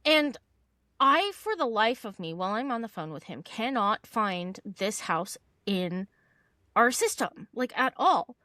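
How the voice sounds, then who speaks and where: A woman co-hosting a casual podcast, spinning a story at an easy, unhurried pace. Her voice is bright and forward, and she animates the quoted voices as she goes. The sound is close and dry, with no room around it. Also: on the high side, dry recording. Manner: animated, acts out quoted dialogue, laughs often. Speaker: podcast co-host.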